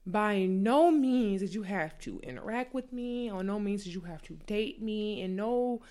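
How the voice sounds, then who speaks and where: A woman talking in a casual chat, telling animated, profane stories and acting out other people's lines in a raised voice. Her voice sits at a middle pitch for a woman. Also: a little slow.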